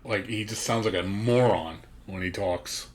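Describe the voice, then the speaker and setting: A man's voice: on the low side, unhurried. Blunt, profane man streamer. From United States. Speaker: game streamer. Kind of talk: casual chat.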